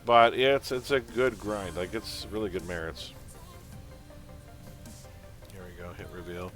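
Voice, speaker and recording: A man's voice: lowish voice, unhurried, fairly bright tone, faint music behind. A man chatting casually on a live game stream, rambling and opinionated, often calling his viewers folks. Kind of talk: casual gaming stream chat.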